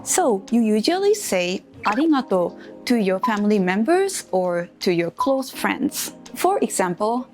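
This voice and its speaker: A woman teaching beginner phrases in English, speaking clearly and carefully and leading slow repeat-after-me drills. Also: medium pitch, big pitch swings, darkish tone, soft background music. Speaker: Japanese language teacher. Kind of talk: scripted language lesson for beginners.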